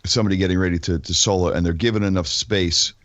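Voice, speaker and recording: Male co-host, deep voice, laid-back and agreeable, dry close sound. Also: fairly even intonation, fast, a bit bright, no echo, muffled recording. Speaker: podcast co-host. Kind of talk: casual chat.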